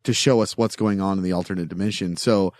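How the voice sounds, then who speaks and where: A man's voice: sits low, fairly even intonation, fast talker, a little mellow, no echo, clean studio sound. A man co-hosting a podcast, chatting casually and joking around. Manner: jokey, puts on silly voices. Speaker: podcast co-host. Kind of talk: casual chat.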